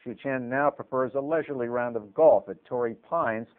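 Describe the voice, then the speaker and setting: Man narrating a documentary, scripted, even delivery, mid pitch, tinny phone-like audio. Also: a little fast.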